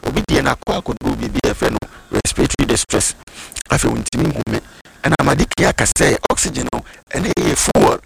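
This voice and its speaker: A man's voice: mid-range voice, lively intonation, fast talker, gravelly. A man speaking as a medical expert on a health program, explaining symptoms step by step and mixing in English medical terms. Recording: loud background noise.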